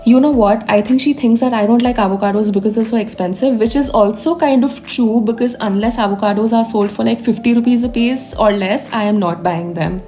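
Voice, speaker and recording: A woman's voice: on the high side, a little fast, hardly any pauses, mellow, faint music behind. A young woman narrating a food vlog in a playful, sing-song way. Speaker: food vlogger. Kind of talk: casual voice-over narration.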